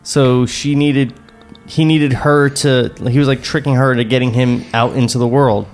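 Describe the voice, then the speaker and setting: A man's voice: mid-range voice, fairly even intonation, moderate pace, soft background music. A man co-hosting a podcast who reads out stage directions and chats in a joking, laughing way. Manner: chatty, joking, often laughing. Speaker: podcast co-host and script narrator. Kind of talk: reading stage directions and casual chat.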